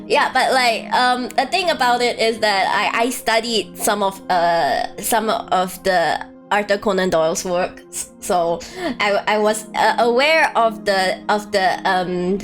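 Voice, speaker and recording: A woman chatting casually on a live stream, animated and rambling, breaking into frequent laughter. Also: medium pitch, slow pace, hardly any pauses, soft background music.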